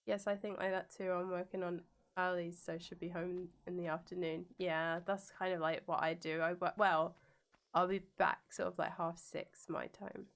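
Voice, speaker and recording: A woman's voice: lowish voice, level tone, moderate pace. A young woman streaming a game and chatting casually with viewers, playful and giggly, singing silly jingles between remarks.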